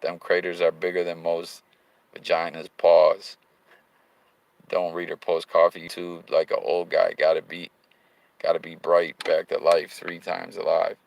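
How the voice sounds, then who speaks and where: A man's voice: low-pitched, completely flat delivery, unhurried, creaky, poor audio. A man hosting a livestream from a car, chatting loosely and reading viewer comments aloud in slang-heavy talk with sudden hyped bursts. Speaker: livestream host. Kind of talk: casual live chat reading viewer comments. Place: in a car while driving.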